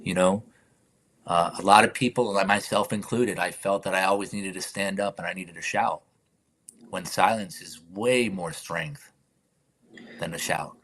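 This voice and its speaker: A man hosting a live stream, talking casually and reflectively about faith and life, sometimes slipping into soft whispered affirmations. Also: low voice, unhurried. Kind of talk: casual spiritual chat.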